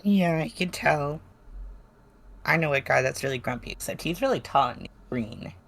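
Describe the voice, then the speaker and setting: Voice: medium pitch, expressive, normal speed, vocal fry, a bit bright. A player in a tabletop game, talking in character, blunt and playful in banter.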